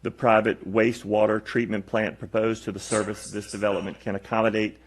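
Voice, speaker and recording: A man reads out conditions of approval at a county board meeting. He stops and corrects himself now and then. His delivery stays flat and unvaried. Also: on the low side, breathy edge. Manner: halting, self-correcting. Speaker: county commissioner. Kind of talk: reading motion conditions aloud.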